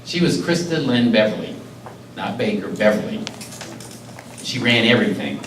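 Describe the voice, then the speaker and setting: Speaking at a normal-to-moderate pace with a fairly low, very animated voice, this middle-aged county executive tells an emotional personal story in earnest during a public speech. The setting is a community meeting hall, captured roomily by a distant mic with faint ambience and slight background noise.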